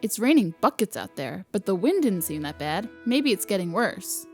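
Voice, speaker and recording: A woman's voice: mid-range voice, big pitch swings, normal speed, darkish tone, faint music behind. A woman reading a visual novel aloud for a let's play, narrating evenly in first person. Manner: reads narration evenly, laughs between lines. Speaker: let's player.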